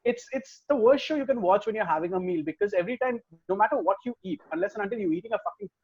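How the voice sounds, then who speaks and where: A man co-hosting a podcast, reading viewer comments and telling stories in a casual, swearing, animated way. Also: sits high, rapid-fire, slightly rough, lo-fi sound. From India. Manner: swears freely, animated storytelling. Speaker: podcast co-host.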